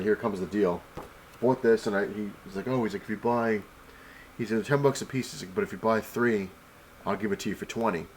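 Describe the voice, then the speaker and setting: A man's voice: deep voice, slight background noise, poor audio. A young man telling a rambling, casual story about a comic convention and showing what he bought, full of fillers and quoted back-and-forth. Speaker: comic collector vlogger. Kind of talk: casual convention haul recap.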